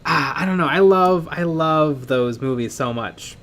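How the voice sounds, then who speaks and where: A man's voice: a little high, measured pace. A man co-hosting a live miniature painting stream, chatting casually, reading viewer comments and laughing often. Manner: excitable, laughs often, trails off.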